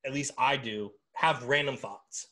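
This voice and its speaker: A young man from the Midwest hosts a podcast in loose, casual chat, swearing freely and asking questions. His voice has an ordinary pitch for a man. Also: unhurried, sharp tone. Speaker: podcast host.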